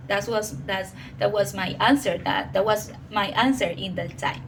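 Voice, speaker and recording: A woman in her twenties with a Venezuelan Spanish accent, a native Spanish speaker who talks about herself in halting English and often says "okay". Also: a little high, a bit bright, a little hiss or hum, low-quality recording. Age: 20s. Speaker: professor. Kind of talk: personal monologue.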